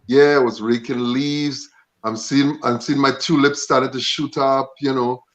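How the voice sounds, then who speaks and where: A man's voice: medium pitch, steady tone, measured pace, a bit bright. A man co-hosting a live talk show over a video call, trading easygoing, friendly banter. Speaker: co-host. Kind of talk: casual chat.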